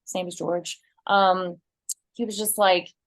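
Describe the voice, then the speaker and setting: A woman's voice: on the low side, level tone, unhurried, dry recording. A woman from Northern California, a guest in a casual conversation, telling earnest, rambling personal stories.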